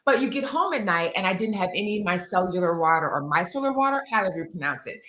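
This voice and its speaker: A woman's voice: mid-range voice, sing-song, quick pace, a bit bright, echoey room. A woman talking as a guest expert on a live TV segment, chatty and emphatic, with many fillers. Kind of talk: casual TV segment demo.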